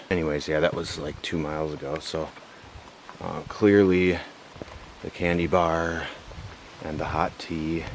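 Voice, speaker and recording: A man's voice: very deep voice, slight background noise. An exhausted man telling a trail story to a handheld camera outdoors, swearing freely as he goes. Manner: swears freely, animated retelling with put-on quotes. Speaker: solo backpacker vlogging on the trail. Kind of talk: casual vlog storytelling. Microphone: handheld camera at arm's length.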